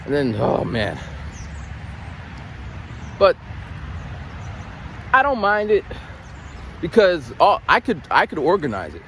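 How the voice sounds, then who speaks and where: Standing outdoors in the cold near a bridge, a man who works lunchroom duty at a school vlogs straight to his audience in a relaxed, casual chat. His slightly high voice swings widely, and he speaks slowly with frequent pauses, rambling through animated stories with stumbling restarts. A little hiss or hum sits under the recording.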